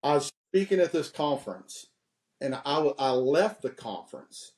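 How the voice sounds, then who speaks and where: A man's voice: medium pitch, very animated, moderate pace, a little mellow, roomy sound. A man in his fifties, a podcast guest, telling candid stories with frequent laughs and giving preachy advice. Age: 50s.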